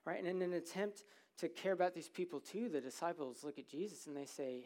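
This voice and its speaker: A man's voice: a little high, fairly quick, darkish tone. A man preaching a sermon to a congregation in a church, in a conversational, humorous way, often checking in with "right?".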